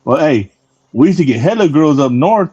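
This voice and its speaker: A man's voice: fairly high pitch, big pitch swings, moderate pace, warm tone, breathy edge, muffled recording. A man from Texas telling laid-back, profane stories in casual chat on a call-in.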